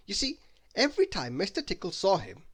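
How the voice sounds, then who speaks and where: A man reading a bedtime story aloud in an expressive, lively way. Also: sits high, brisk.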